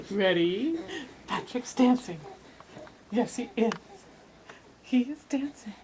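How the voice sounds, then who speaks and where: A woman behind a handheld camera, coaxing a baby to talk. Her pitch swoops widely in sing-song baby talk, and she stays fairly high. Faint noise sits under the recording. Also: expressive, takes it slowly, long pauses. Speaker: parent filming a baby. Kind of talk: home video baby talk.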